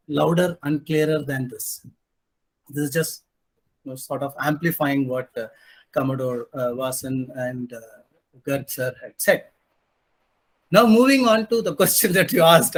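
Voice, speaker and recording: A man's voice: on the high side, normal speed. A man speaking as a panelist, emphatic and sarcastic, often answering his own rhetorical questions. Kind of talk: panel discussion commentary.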